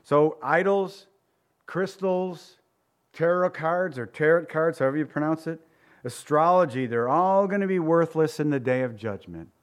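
A middle-aged pastor preaches as if chatting with friends, at a normal speed, telling funny anecdotes that turn into lessons. His voice is a little higher than most men's, and his delivery stays loose and conversational.

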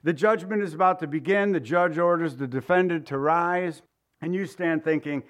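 Preaching at normal speed, this man's voice sits high as he tells animated stories. He chuckles along and performs the voices of each character.

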